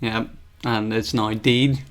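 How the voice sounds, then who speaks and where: A man's voice: fairly low pitch, steady tone, slow pace. A young man hosting a casual podcast chat, telling stories conversationally, laughing often and swearing freely. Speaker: podcast host.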